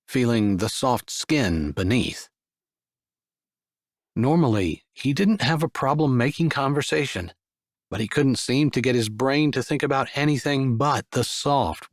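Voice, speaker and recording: A man narrating a romance audiobook in a calm, measured way. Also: medium pitch, no echo, clean studio sound. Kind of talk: scripted narration.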